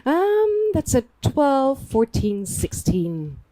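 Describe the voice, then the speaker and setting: A high-voiced woman playing a tabletop game, playful and quick to stammer into restarts. Her voice sits well above typical. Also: wildly swooping pitch, warm tone, a little hiss or hum. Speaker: player. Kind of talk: tabletop role-play.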